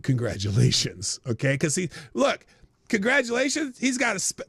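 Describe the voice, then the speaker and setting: A man's voice: sits high, sing-song, a little slow, a bit bright, breathy edge, no room sound. A man from Nebraska who hosts a live stream, giving mocking commentary and laughing often. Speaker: host.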